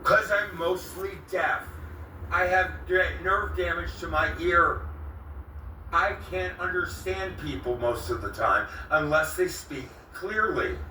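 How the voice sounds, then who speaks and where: A man's voice: a little high, pushed and bright, far from the mic, a little hiss or hum. Exasperated man with a cracking voice. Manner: repeats the same questions, pleading and exasperated. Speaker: vlogger confronting a friend. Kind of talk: heated confrontation on camera. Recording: echoey room, voice a bit off-mic.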